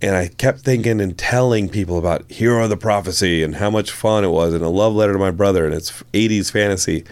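A man's voice: lowish voice, quick pace, few pauses, a little mellow, dry recording. A man talking as a podcast guest, a comic book writer and filmmaker telling his story in an enthusiastic, rambling way. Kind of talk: casual podcast interview.

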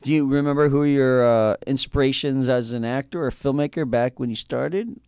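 A man's voice: medium pitch, normal speed, a little mellow, clear, resonant tone, no room sound, clean studio sound. A man hosting an interview, talking casually with lots of fillers and restarts, enthusiastic. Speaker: interview host.

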